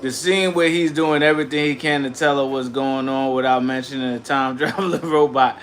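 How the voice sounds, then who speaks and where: A man's voice: medium pitch, steady tone, brisk, a bit bright. A man hosting a casual livestream, ranting and chatting in slang and greeting viewers by name. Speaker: livestream host.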